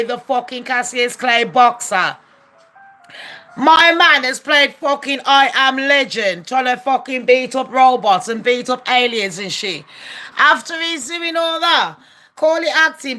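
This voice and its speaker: Woman going off on a rant, high voice, swearing a lot, keeps asking "am i lying". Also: bright, forceful tone. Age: adult. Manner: blunt, profane, heated, rhetorical questions. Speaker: commentary vlogger. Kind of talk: opinionated rant to camera.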